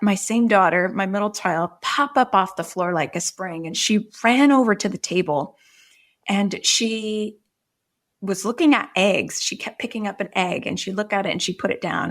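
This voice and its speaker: A woman's voice: mid-range voice, normal speed. Middle-aged woman, podcast guest, earnest, emotional, vivid personal storytelling.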